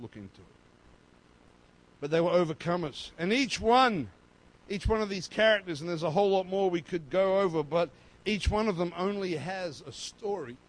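A man preaching a sermon as pastor, swinging between loud, fervent passages and quiet, low stretches. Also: low-quality recording.

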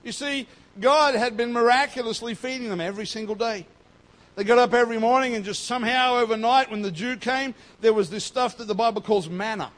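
A man giving a sermon as pastor, emphatic and swinging between loud and soft. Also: very high voice, fairly quick.

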